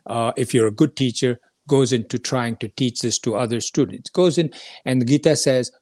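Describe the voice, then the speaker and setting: A man's voice: mid-range voice, moderate pace, darkish tone, no room sound. Earnest man explaining scripture, dry sound. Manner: explanatory, earnest, repeats key points. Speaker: scripture teacher. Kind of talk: conversational scripture lesson.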